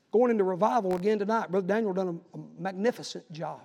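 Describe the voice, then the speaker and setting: Gravelly high-voiced preacher. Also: male voice, racing, few pauses, darkish tone, big-room sound. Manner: storytelling and exhorting, building to urgent appeals. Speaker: pastor. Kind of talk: sermon.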